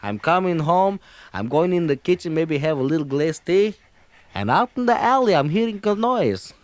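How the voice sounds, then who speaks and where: A fretful immigrant father with a thick Yiddish-inflected accent, pleading and exasperated in a high, swooping voice. He rambles on in a comedy album sketch. The sound is close and dry. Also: very animated, normal speed, no room sound. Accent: Yiddish-inflected English.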